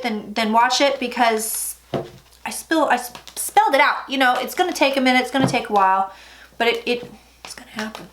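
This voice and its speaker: A woman psychic talking through a tarot reading in a chatty, dramatic way, with sudden loud asides. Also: a little high, noisy background. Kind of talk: casual tarot reading vlog.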